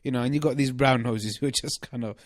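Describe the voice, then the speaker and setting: A man's voice: medium pitch, steady tone, fast talker, no echo, studio quality. Mocking male radio co-host. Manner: mocking, blunt, hesitant with fillers. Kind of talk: casual current affairs chat.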